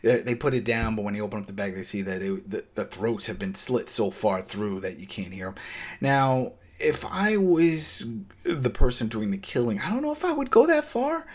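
A man's voice: fairly low pitch, moderate pace. A man in casual chat, animatedly recapping a show episode and acting out the characters' lines. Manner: animated retelling, acts out quotes.

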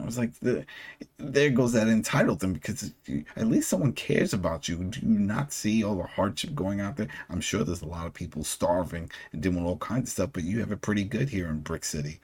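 A man's voice: fairly low pitch, lively intonation, moderate pace, darkish tone, husky. A man co-hosting a podcast, casually recapping a TV episode and acting out characters' lines as he retells scenes. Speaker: podcast co-host. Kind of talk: casual show recap chat.

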